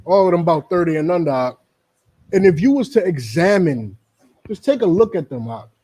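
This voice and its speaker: A man's voice: high-pitched, animated, moderate pace, dark tone, husky. A middle-aged man giving emphatic, repetitive, lecturing commentary in a preaching style, addressing the people around him by name. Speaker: religious group speaker on a radio show.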